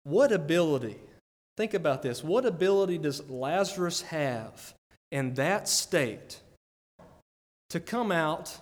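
Animated and slow, a pastor with a voice on the high side preaches an earnest sermon in a conversational tone. He regularly turns to his listeners with "right?", his voice echoing with long church reverb.

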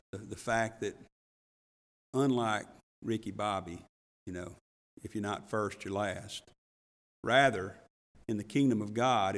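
A middle-aged man preaching a sermon as pastor, telling the story with animated voices. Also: fairly low pitch, big-room sound.

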